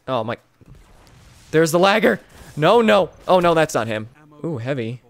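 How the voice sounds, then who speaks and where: Excitable young man narrating his gameplay. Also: on the high side, moderate pace, no echo. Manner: excitable, swings between mumbled asides and yelps. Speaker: gaming YouTuber. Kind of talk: casual gameplay commentary.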